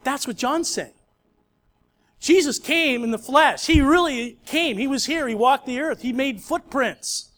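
A man's voice: very high-pitched, measured pace, fairly bright tone. A male pastor preaching a sermon in a conversational storytelling way.

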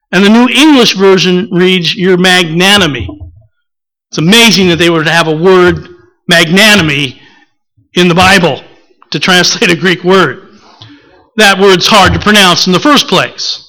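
Bright-voiced pastor preaching. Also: male voice, sits high, moderate pace, rough recording. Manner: conversational preaching with filler words and acted-out quotes. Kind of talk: sermon.

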